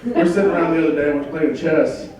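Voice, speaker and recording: A middle-aged man doing a stand-up comedy set in a club, delivering crude jokes in a deadpan way. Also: on the high side, rapid-fire, noisy background. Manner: crude deadpan one-liners. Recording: echoey club from far off, crowd laughter. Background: audience laughing.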